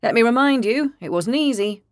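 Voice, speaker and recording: A woman voicing a good-natured steady warrior. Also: fairly high pitch, normal speed, dry recording, studio quality, pitched above the performer's own voice, natural voice. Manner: calm, warm reassuring speech.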